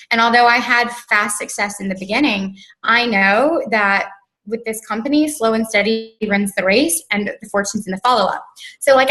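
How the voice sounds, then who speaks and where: A woman's voice: fairly high pitch, bright, forceful tone, rough recording. A woman telling a personal story as an interview guest, earnest and chatty, with many "um"s and "like"s. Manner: earnest, filler-heavy, with frequent "like" and "um". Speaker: interview guest, network marketer.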